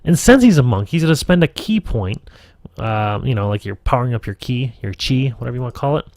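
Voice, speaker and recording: A man with a gravelly voice talks through a live tutorial at his computer, casual and profane, often muttering to himself. The sound is close and dry with no room. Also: medium pitch, expressive, brisk, a little mellow, no echo. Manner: rambling, profane, self-talking. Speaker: game master streaming a tutorial.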